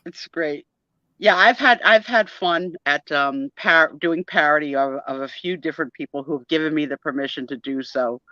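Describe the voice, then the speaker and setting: Animated middle-aged jersey lady, dry close voice, kinda dull lo-fi stream sound. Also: sits low, moderate pace, no echo. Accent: New Jersey. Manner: animated, chatty, laughs often. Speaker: guest on a live sale stream. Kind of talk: casual chat.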